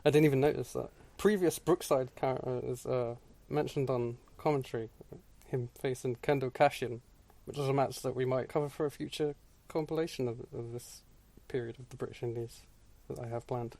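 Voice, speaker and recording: A man's voice: mid-range voice, steady tone, a little fast, gravelly, hardly any pauses, mellow. A man co-hosting a podcast, making dry, wry remarks with stammered restarts. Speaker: podcast co-host. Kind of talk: casual chat.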